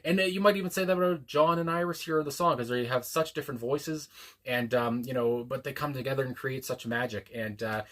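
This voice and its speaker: A man's voice: medium pitch, steady tone, brisk, a bit bright. A man hosting a music reaction video, talking in a casual, meandering way with frequent ums and restarts. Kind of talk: casual rambling commentary.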